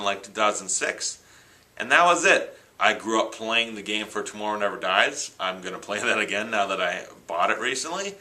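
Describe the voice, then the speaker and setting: A man's voice: lowish voice, pushed and bright, slight background noise, poor audio. A man chatting casually on camera, rambling and enthusiastic as he reviews his new films. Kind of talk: casual unscripted vlog. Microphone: handheld camera, self-recorded.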